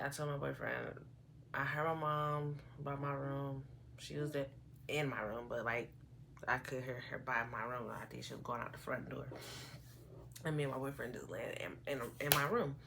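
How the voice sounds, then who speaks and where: A woman in her early twenties telling an animated, rambling story on her vlog, often quoting herself. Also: very deep voice, creaky, noisy background. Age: 20s. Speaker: vlogger. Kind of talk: casual storytime. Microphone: phone camera.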